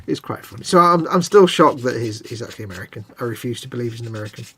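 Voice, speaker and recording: A man's voice: mid-range voice, lively intonation, racing, sharp tone. An English man, middle-aged, co-hosting a casual live stream and chatting in a jokey way, slipping into mock accents. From England. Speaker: co-host.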